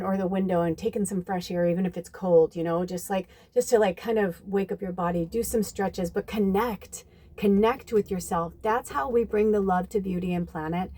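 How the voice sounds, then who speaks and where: A woman's voice: medium pitch, dark tone. A woman, a spiritual medium, talking casually and rambling with lots of fillers and some swearing while giving advice to her viewers. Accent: American. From United States.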